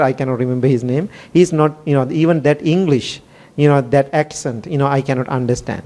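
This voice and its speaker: A man's voice: on the high side, normal speed, a little mellow. A man, a Buddhist monk, telling stories in a sermon with frequent laughs, non-native grammar and repeated "right?" checks to the listeners. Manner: rhetorical "right?" after many phrases. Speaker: Buddhist monk, temple chief monk. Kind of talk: storytelling sermon.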